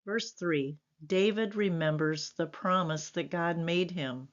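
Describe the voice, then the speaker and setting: A woman pastor giving a devotional sermon in a gentle, earnest, reflective way. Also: lowish voice, takes it slowly. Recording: slightly dull lo-fi recording.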